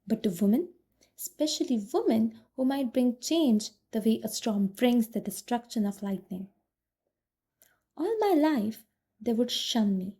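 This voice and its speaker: A woman narrating a novel in the first person, with a steady, reflective storytelling manner. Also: a little high, a little slow, slightly rough. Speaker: audiobook narrator. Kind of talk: first-person audiobook reading.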